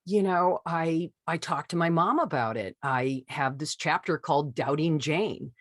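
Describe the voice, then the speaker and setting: A woman's voice: sits low, measured pace, dry recording, studio quality. A middle-aged woman, a podcast guest, telling her story in casual conversation and acting out the voices she quotes. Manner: animated storyteller who acts out quoted voices.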